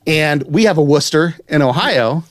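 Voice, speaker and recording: A man's voice: a little high, expressive, moderate pace, no echo, clean studio sound. A man from West Virginia co-hosting a podcast in casual chat, amused and spelling words out letter by letter. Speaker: podcast co-host.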